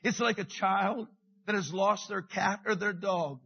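A middle-aged man preaching a sermon with passion, dropping to a hush and rising again, repeating his phrases. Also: high voice, a little slow, creaky, breathy edge, dull audio. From Canada. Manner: passionate, swings from hushed to loud, repeats phrases. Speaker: pastor.

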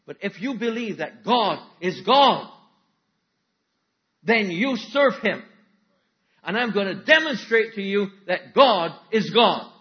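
A male preacher voicing a fiery male prophet, loud, high and declaiming. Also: very animated, slow pace, highs cut off, heavily acted. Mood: thundering.

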